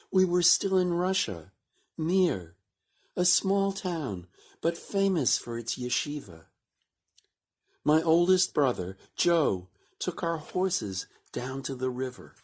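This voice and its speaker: A woman performs a recited monologue, drifting slowly through her lines. Her pitch rises and falls freely, giving the telling a lively, musing shape. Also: husky. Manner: slow, reflective storytelling, lively rising and falling pitch.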